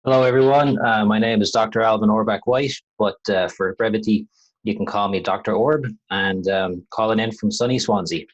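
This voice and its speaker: Over a video call, a university lecturer from Ireland, a man in his thirties, gives a webinar in a low voice at normal speed. His delivery is relaxed and meandering, and he restarts sentences now and then. The audio has its high frequencies cut off.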